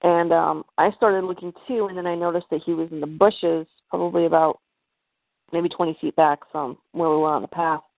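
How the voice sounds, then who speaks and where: A woman's voice: on the low side, fairly even intonation, moderate pace, gravelly, no room sound. A woman as a podcast guest, telling a personal story in a hesitant way, full of fillers and restarts. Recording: tinny phone-like line.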